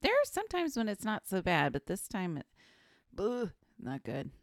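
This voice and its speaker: Woman on a movie podcast, voice bounces around a lot, dry sound, quick wry comments. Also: mid-range voice, wildly swooping pitch, no echo. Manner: chiming in with short reactions and dry jokes. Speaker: podcast co-host. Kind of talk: casual movie chat.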